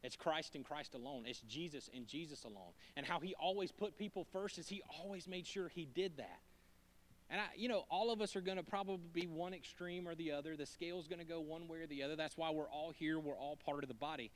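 A man preaching a sermon in a church, conversational and joking, going from hushed asides to emphatic lines. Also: fairly high pitch, brisk. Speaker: pastor.

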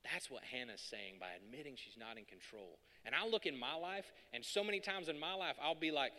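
説教する男性、明るく響く声. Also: male voice, medium pitch, animated, brisk, few pauses, pushed and bright. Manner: conversational and joking, building to emphatic peaks. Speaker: pastor. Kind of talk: sermon. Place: church hall. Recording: long reverb of a large hall.

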